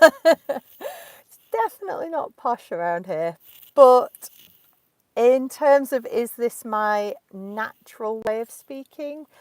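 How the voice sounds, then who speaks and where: A woman in her thirties with a Derbyshire accent, an English teacher answering questions from learners in slow, clear speech, recorded inside a parked car. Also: medium pitch, darkish tone, no echo. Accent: Derbyshire English, clearly spoken. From Derbyshire, England.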